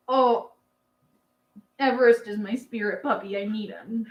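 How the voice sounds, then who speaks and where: Woman, 30s, livestream host; chatty, filler-heavy, affectionate, slightly high voice in a roomy space. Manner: chatty and rambling, many fillers and laughs; doting on her dog. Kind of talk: casual livestream chat.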